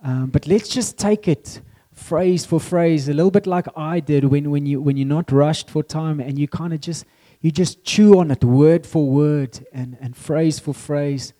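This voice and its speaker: A man giving a sermon, reading a psalm slowly and reflecting on it phrase by phrase. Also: mid-range voice, mellow. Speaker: pastor.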